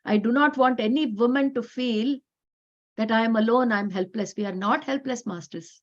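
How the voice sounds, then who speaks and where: Indian woman facilitator, high register, insistent delivery, dull lo-fi call sound. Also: moderate pace. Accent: Indian English. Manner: emphatic, repetitive, animated. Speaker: workshop facilitator. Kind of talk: spiritual talk to a women's group. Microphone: video call.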